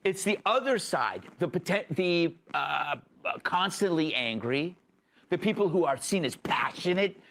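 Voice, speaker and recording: A man's voice: sits high, animated, a little slow, vocal fry, a bit bright. A man hosting a panel show, teasing his guests and laughing easily. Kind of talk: joking panel discussion.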